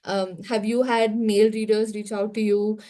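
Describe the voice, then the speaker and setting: A woman moderating a book club discussion, thoughtful and measured. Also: medium pitch, flat delivery, mellow.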